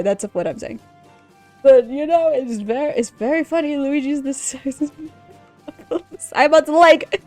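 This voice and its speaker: A young woman vlogging off the cuff, rambling with frequent laughter, loud outbursts and swearing. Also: a little high. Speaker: youtuber. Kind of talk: unscripted ranking vlog.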